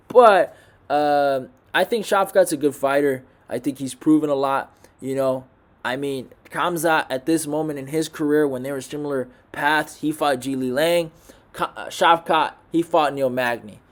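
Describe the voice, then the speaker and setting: A young man talking through a fight card off the cuff, blunt and heavy on swearing. His voice sits at an ordinary middle pitch, low and mumbly in the quiet stretches. When something annoys him he gets loud and heated. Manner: blunt and profane, swings into loud rants. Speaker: MMA commentator. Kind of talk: casual fight recap monologue.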